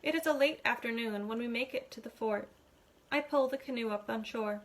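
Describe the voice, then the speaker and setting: A woman teacher reading a novel aloud to her class, expressive, giving the characters their own voices. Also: fairly high pitch, brisk. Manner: expressive storytelling, voicing the dialogue.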